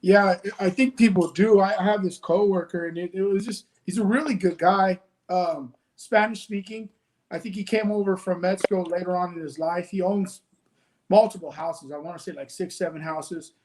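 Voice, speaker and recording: Man telling animated stories as co-host. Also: high-pitched, moderate pace, a little hiss or hum, low-quality recording. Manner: animated storytelling, acts out quoted dialogue. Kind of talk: casual political discussion.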